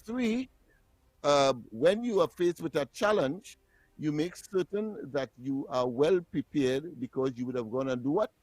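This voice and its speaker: A man's voice: fairly high pitch, animated, measured pace, a little mellow, no echo. A man hosting a morning talk radio show, bantering, laughing often and repeating words as he works through them.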